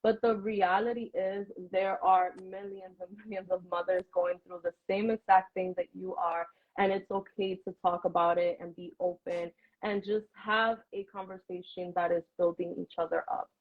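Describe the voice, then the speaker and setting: A woman's voice: lowish voice, flat delivery, moderate pace, hardly any pauses. Earnest woman guest over a tinny line. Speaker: guest, a mother. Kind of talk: remote interview chat. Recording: tinny phone-like call line.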